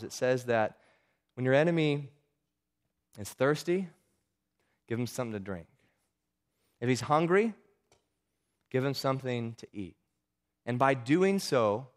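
A man preaching a sermon as pastor, earnest and often repeating words as he builds a point. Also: medium pitch.

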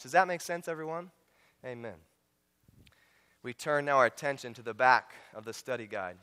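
Emphatic preacher in a reverberant hall. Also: male voice, medium pitch, normal speed, long pauses, pushed and bright, clear, resonant tone. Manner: emphatic, repeats words, calls out to the congregation. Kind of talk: sermon on a Bible study guide. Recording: long reverb of a large hall.

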